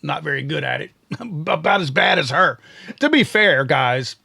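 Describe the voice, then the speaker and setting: A man's voice: on the high side, expressive, normal speed, creaky, sharp tone, slightly rough. A man from Louisiana hosting a podcast, giving blunt and sarcastic political commentary. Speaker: podcast host.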